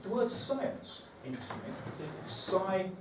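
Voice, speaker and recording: Man, fairly high voice, relaxed teacher-training talk, distant mic, echoey room with noise behind. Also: moderate pace. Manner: conversational, thinking aloud with fillers.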